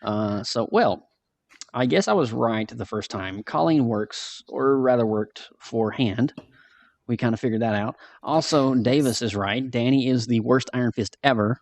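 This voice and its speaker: Male podcast host, mid pitch, animated ranting, dry close sound. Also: unhurried, dry recording. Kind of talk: casual review chat.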